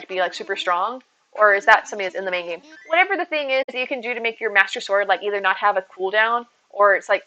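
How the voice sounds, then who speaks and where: Chatty woman streamer, bright voice. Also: fairly high pitch. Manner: chatty, rambling, answers chat aloud. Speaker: live streamer. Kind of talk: casual live-stream chat. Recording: slightly dull stream audio with faint music.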